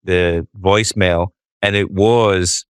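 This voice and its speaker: Joking, low-voiced male podcast host. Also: fairly even intonation, takes it slowly, clear, resonant tone, no room sound, clean studio sound. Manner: joking, swears casually. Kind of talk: casual podcast chat. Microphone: remote call, he is far from his guest.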